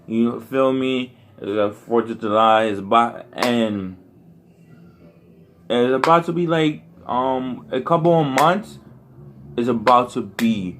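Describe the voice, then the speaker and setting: A man's voice: fairly low pitch, a bit bright. A young man hosting his own reaction channel, chatting to viewers in a rambling, slangy way with many restarts. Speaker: YouTube reaction host. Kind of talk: casual chat to viewers.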